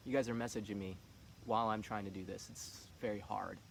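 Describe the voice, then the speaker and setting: A man's voice: fairly low pitch, steady tone, fairly quick, gravelly, a little hiss or hum. Cocky man trash-talking his fantasy league. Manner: cocky, teasing trash talk. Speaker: fantasy football league commissioner. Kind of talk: casual trash-talk vlog.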